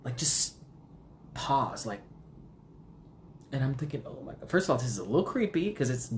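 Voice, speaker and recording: A woman casually telling a storytime vlog, animated and full of fillers, with big pitch jumps when she quotes herself. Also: moderate pace, a little hiss or hum. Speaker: vlogger.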